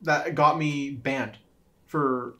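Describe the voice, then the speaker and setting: A man's voice: mid-range voice, fairly even intonation, extremely slow, fairly bright tone. A man in casual podcast chat, rambling through stories with frequent restarts. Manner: rambling, laughing storyteller. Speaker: podcast co-host.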